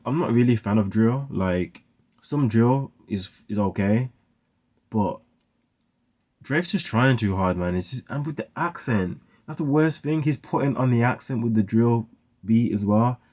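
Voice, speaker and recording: A man's voice: on the low side, darkish tone. A young man giving casual, rambling commentary on songs he is reacting to, full of "like" fillers. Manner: rambling, heavy use of "like" fillers. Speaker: music reaction host.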